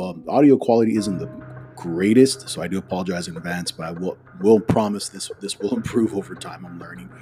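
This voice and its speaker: A man's voice: low voice, dark tone. A man hosting a podcast in casual, chatty talk, effusive and full of loose restarts. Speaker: podcast host.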